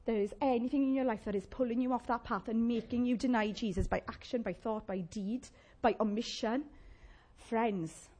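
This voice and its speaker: A woman preaching a sermon, animated and conversational, with playful asides to the congregation. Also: a little high, normal speed.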